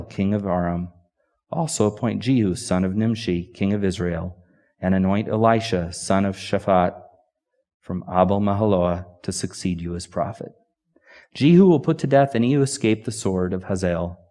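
A man preaching a sermon in a church, reading scripture slowly and dramatically and dropping to a hush at the close. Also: on the low side. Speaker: pastor. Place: church sanctuary.

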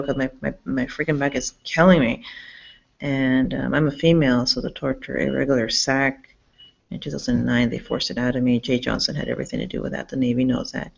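Brief: woman, gravelly voice, agitated profane rambling rant, dull lo-fi recording. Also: low-pitched. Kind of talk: rambling monologue to camera. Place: public campus building indoors. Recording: dull lo-fi sound.

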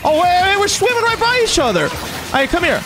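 A game streamer giving excitable, chatty live commentary on a match and talking to viewers in chat. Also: extremely high pitch, brisk. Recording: game music playing behind the voice.

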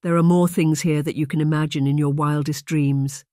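A narrator voicing a kindly, soft-spoken older aunt from Yorkshire who talks in a hushed, gentle way, in an audiobook romance. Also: mid-range voice, steady tone, moderate pace, no room sound, studio quality, natural voice. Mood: hushed warning.

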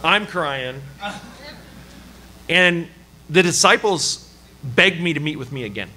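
A man from Canada preaches from the pulpit, recounting a story with a lively, self-mocking humor. His voice sits a little high and sounds bright and forceful, with frequent laughter. He speaks in a sermon style. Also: slow pace. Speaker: pastor. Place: church service.

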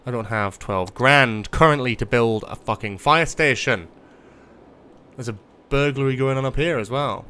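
A man's voice: medium pitch, normal speed, bright, forceful tone, clear, resonant tone. Sweary man streaming a building game. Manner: sweary, self-mocking, talks to chat. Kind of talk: casual gaming livestream commentary.

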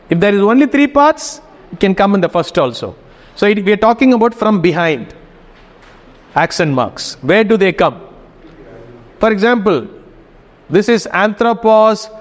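A man giving a casual classroom lecture, often checking in with his students. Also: high voice. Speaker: teacher. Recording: reverberant hall.

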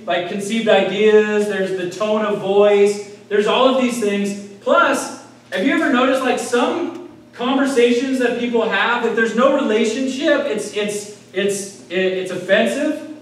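A male pastor preaching a sermon in a conversational way, tossing out rhetorical questions and checking in with "right?". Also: high-pitched. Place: church sanctuary. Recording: echoey room heard from a distance.

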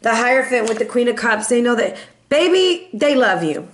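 A woman's voice: fairly high pitch, sing-song, normal speed, reverberant. Chatty woman giving a tarot reading. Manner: chatty and playful, sings and meows in bursts. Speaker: tarot reader.

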